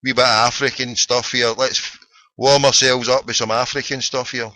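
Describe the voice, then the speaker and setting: A man's voice: mid-range voice, little pitch movement, normal speed, sharp tone, rough recording. A middle-aged man with a Glaswegian accent hosting a phone-in podcast, ranting sarcastically and swearing freely in casual solo commentary. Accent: Scottish, Glaswegian.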